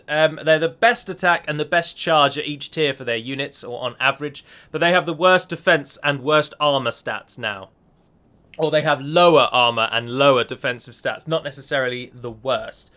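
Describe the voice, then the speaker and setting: A man's voice: fairly high pitch, normal speed, bright, forceful tone. A man giving a chatty gameplay voice-over as a mod developer, often correcting himself as he explains.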